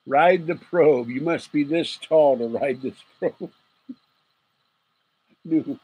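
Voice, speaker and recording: A man's voice: on the high side, slow pace, warm tone, husky, rough recording. A man hosting a late-night livestream, rambling and joking with viewers, chuckling often and getting sleepy. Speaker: livestream host.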